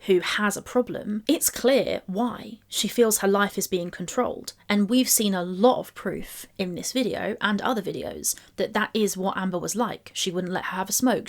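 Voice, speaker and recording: A woman gives commentary on text message screenshots. She reads each message aloud at an ordinary mid pitch, then breaks it down piece by piece. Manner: reads screenshots aloud and picks them apart. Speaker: commentary YouTuber.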